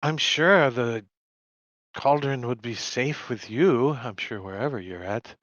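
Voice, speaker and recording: A man's voice: medium pitch, slow pace, fairly bright tone, no echo. A man voicing a courteous hostess, Prudence. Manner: courteous, reassuring. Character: polite hospitable woman, Prudence. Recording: dull, dry home mic.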